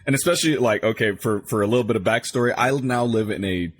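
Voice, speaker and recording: This podcast guest, a voice actor, talks casually and performs quotes with animation as he explains. His mid-range voice moves at a quick pace, with a little hiss or hum in the audio.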